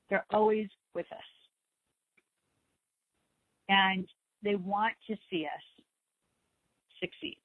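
A woman hosting a spiritual talk show, speaking slowly and gently, repeating herself to reassure listeners. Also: medium pitch, fairly even intonation, no echo, narrow, tinny audio. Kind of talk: slow soothing talk on meditation and letting go.

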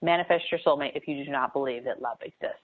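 A woman's voice: extremely low pitch, fast, breathy edge. A woman giving an earnest, emphatic motivational talk on manifesting, repeating key phrases for emphasis. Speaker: spiritual coach. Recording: tinny phone-like sound.

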